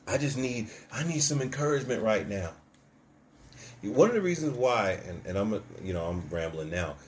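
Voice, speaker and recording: A man co-hosting a casual faith chat, telling stories with animated quoted voices and frequent laughs. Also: on the low side, normal speed, slight background noise. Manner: storytelling, animated, acts out quotes, laughs often. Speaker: co-host of a church podcast.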